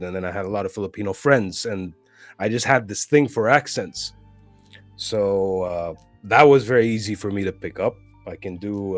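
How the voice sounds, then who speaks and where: A man chatting casually as a podcast guest, easygoing and trailing off softly. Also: deep voice. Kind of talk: casual chat.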